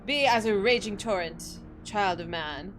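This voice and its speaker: A woman's voice: medium pitch, measured pace, over loud music, voice pushed down, natural voice. A woman reading aloud the formal, archaic lines of a solemn ancient deity from a game.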